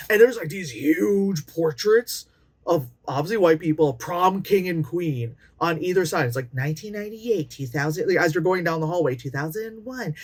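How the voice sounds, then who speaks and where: A woman in her late thirties giving a casual, profane movie review, animated and often mocking characters in put-on voices. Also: fairly low pitch, slightly rough. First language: Chinese. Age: late 30s.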